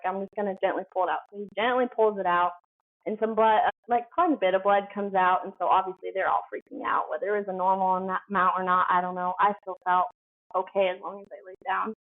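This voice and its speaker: Female guest, rambling storyteller voice, mid pitch, narrow phone audio. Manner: chatty, heavy use of "like", acts out quoted dialogue. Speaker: podcast guest. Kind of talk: casual storytelling.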